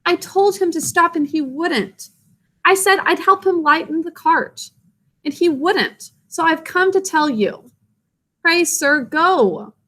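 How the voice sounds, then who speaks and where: A woman voicing an earnest young stable boy in a storybook read-aloud, pleading in a high, urgent voice. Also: animated, moderate pace, hardly any pauses, bright, forceful tone, full character voice.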